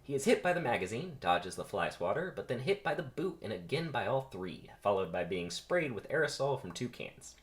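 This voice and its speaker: A man's voice: mid-range voice, very animated, brisk, few pauses. A man casually reading stage directions aloud on a first, unrehearsed read. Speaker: script reader.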